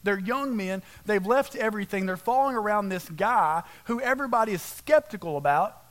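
A man's voice: sits high, animated, brisk, a bit bright. A man preaching a conversational sermon as a pastor at a church service, casual and direct, peppered with rhetorical questions.

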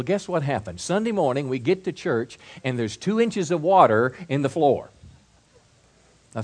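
A middle-aged man preaching a sermon, stumbling and repeating words, swinging from soft asides to loud build-ups. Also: on the high side. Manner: repeats words and restarts, acts out quoted voices. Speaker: pastor.

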